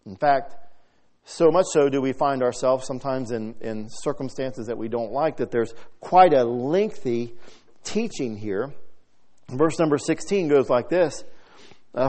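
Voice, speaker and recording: A man preaching a sermon, reading scripture aloud and swinging from soft talk to loud, emphatic delivery. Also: mid-range voice, animated, a little slow.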